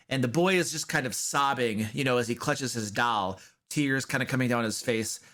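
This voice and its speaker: Man, DM, casual and rambling narration with a lively pitch. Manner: loose and rambling, lots of fillers. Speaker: dungeon master. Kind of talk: casual tabletop game narration.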